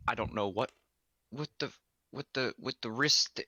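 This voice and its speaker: A man voicing a wary little male gnome grocer who talks in a low, exasperated mutter. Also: a little slow, bright, forceful tone, husky, no room sound, heavily acted.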